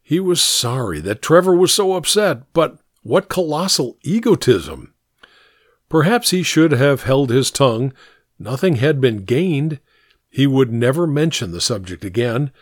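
An expressive man narrating an audiobook, his pitch ranging widely as he tells the tale. The sound is close and dry. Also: dry recording.

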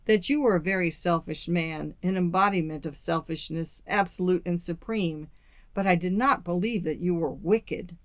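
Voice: medium pitch, moderate pace, no room sound, lightly acted. An audiobook reader voicing a proud young woman who speaks sternly and with contempt. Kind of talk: audiobook character reading.

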